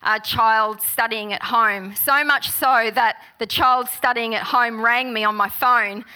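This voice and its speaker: A middle-aged woman preaching with a bright, clear edge to her voice, fairly high-pitched and taking her time over every phrase. She reads scripture in a measured way and shares personal stories in an easy, chatty tone. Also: steady tone. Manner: warm, personal storytelling with gentle laughs; slow, unhurried reading of scripture. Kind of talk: sermon.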